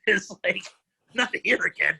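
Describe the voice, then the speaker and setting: Bright-voiced comedian guest. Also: male voice, sits high, animated, unhurried, gravelly, breathy edge, dry recording, low-quality recording. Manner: rambling, laughs easily, swears. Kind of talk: casual comedic chat.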